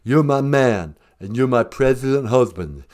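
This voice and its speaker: A man's voice: mid-range voice, lively intonation, measured pace, a little mellow, close to an everyday voice. A man doing a comedic impression of a former first lady, an insistent wife who speaks in bossy, emphatic corrections. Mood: affectionate.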